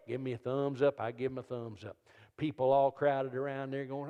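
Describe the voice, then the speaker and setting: Preacher in a reverberant church. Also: male voice, a little fast, smooth, dull audio. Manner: animated storyteller who shifts into loud high voices for quoted people. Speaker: evangelist and comedian. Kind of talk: comedic sermon storytelling. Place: church service. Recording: long reverb of a church hall.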